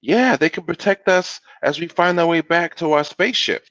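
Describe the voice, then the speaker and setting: A man's voice: fairly high pitch, moderate pace, a bit bright, dry recording, pitched above the performer's own voice, natural voice. Guy doing upbeat big sister voice, playful, storybook, lo-fi dull audio. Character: cheerful playful older sister. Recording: dull lo-fi video call audio.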